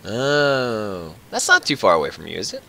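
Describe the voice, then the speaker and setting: Playful man with a lively, bouncing voice. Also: fairly low pitch, moderate pace, gravelly, faint music behind. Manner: playful, joking, thinking aloud while playing. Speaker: gaming channel host. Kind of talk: casual let's-play chat.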